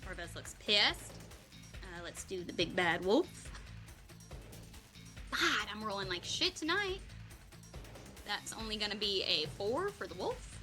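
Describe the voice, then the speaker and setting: A woman narrating as game master of a tabletop game, upbeat, with quick asides and frequent laughs. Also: medium pitch, sing-song, sharp tone, faint music behind.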